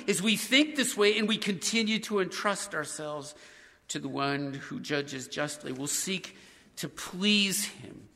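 High, bright-voiced male preacher. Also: long reverb tail. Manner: earnest, reads scripture aloud and leads the congregation in prayer. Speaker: pastor. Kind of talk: sermon.

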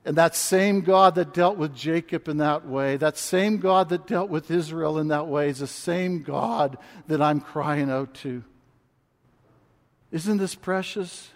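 A man preaching a sermon, reading scripture and speaking with passion that builds to near shouts. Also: fairly high pitch, unhurried. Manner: impassioned, rising to shouts when quoting. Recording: long hall reverb.

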